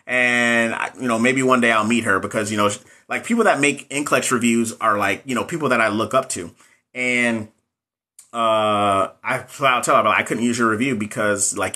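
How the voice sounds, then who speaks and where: A man's voice: medium pitch, pushed and bright. A man coaching nursing exam takers in a casual livestream, candid and rambling with many restarts. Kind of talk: casual livestream chat answering viewers.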